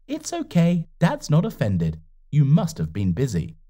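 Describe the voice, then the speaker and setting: A man's voice: mid-range voice, huge pitch swings, a little slow, warm tone. A man voicing a worried, caring middle-aged mother on the phone who asks anxious, fussy questions. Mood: anxious, fussing.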